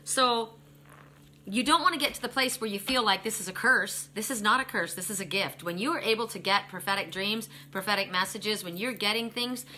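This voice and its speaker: A woman's voice: mid-range voice, a little fast, sharp tone, a little hiss or hum. A middle-aged woman giving a spiritual card reading, telling rambling stories with many restarts and asides. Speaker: tarot and oracle card reader. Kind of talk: casual spiritual reading monologue.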